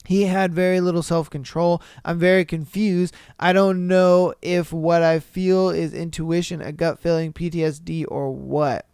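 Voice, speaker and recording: Smooth, higher-pitched man, blunt podcast host. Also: unhurried, few pauses, dry recording, studio quality. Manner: blunt, animated, swears casually. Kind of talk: reading a listener story aloud and commenting.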